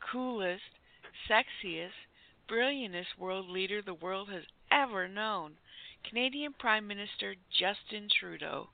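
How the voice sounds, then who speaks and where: Brief: starstruck woman host, gushing and breathless, creaky edge, narrow phone-like sound. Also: mid-range voice, no room sound. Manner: gushing, giddy, breathless fangirl. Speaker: comedy segment host. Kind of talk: comic radio bit.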